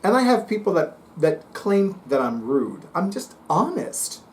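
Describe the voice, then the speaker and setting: A man talking casually to his viewers, chatty and playful with lively asides. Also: high-pitched, measured pace. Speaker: psychic reader and YouTuber. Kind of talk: casual monologue to camera.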